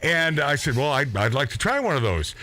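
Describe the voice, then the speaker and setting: A middle-aged man hosts a radio talk show and tells a long, rambling story full of restarts and asides. His voice is bright and fairly high for a man, swinging widely in pitch as he gets animated. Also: fairly quick, no room sound. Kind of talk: casual storytelling chat.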